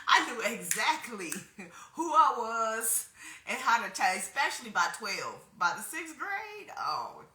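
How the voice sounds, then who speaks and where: Presenter: woman in her forties, casual, frank storyteller, bright lowish voice, echoey room. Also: very animated, slow pace, pauses often. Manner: frank, chatty storytelling with slang. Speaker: wellness workshop presenter. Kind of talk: casual spoken workshop talk.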